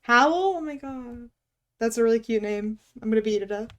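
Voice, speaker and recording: A woman's voice: fairly high pitch, fairly even intonation, brisk, dark tone, dull audio. A woman streaming while she draws. She chats casually, teases herself, swears offhandedly and laughs often. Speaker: art streamer. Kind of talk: casual live-stream chat while drawing.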